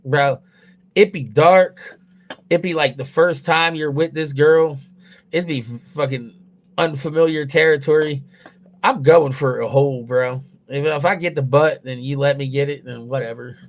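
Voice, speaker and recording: A man's voice: fairly high pitch, moderate pace. A young man chatting on a livestream, crude and blunt, swearing constantly and rambling loosely with restarts. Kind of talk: casual livestream chat.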